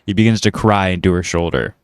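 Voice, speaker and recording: A man's voice: low voice, fast talker, clear, resonant tone, no echo, studio quality. A man reading out the narration of a comedic script in a matter-of-fact way.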